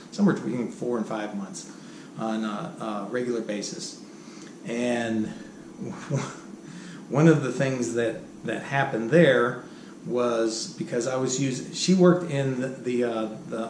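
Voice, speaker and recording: A middle-aged man casually telling stories from his own life, rambling with many fillers and restarts and chuckling as he goes. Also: mid-range voice. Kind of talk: casual spoken storytelling. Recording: roomy recording with faint background hum.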